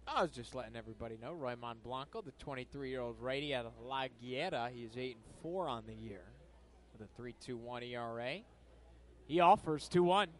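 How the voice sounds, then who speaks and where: A young man from upstate New York calling baseball play-by-play from a ballpark broadcast booth, lifting his voice on each pitch and chatting between plays. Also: fairly quick, fairly bright tone. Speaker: play-by-play announcer.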